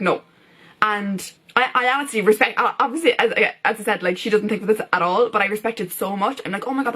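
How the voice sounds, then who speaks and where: A young woman talks casually to camera as a vlogger. Her speech is full of fillers like "like", and she acts out remembered thoughts in a sudden higher voice. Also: fairly bright tone. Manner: chatty, filler-heavy, acts out quotes with big pitch jumps.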